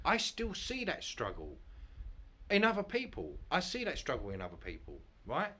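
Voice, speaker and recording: A blunt man in his late forties argues hard and swears freely on a casual podcast. His voice runs a little high and leaps all over the place as he presses his point. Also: huge pitch swings, moderate pace, sharp tone, husky. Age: 40s. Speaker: podcast host. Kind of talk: heated political debate.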